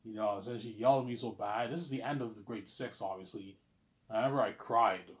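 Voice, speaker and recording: A man in his thirties with a somewhat low voice tells a story in a loose, casual monologue. He circles back on himself, repeats lines, and swears freely. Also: fairly quick. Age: 30s. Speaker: vlogger.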